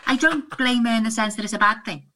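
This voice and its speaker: A woman presenting on community radio over a video call, bubbly and quick to chime in. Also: fairly high pitch, sharp tone, a little hiss or hum, low-quality recording. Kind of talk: casual chat on community radio.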